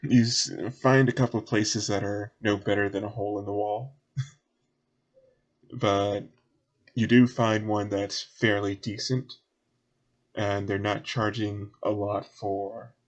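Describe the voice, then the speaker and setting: A lower-voiced man with a Southern accent runs a tabletop game. He narrates in a relaxed, chatty way and laughs between lines. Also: takes it slowly, long pauses. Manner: casual, laughs between narration, drawls y'all. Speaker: game master.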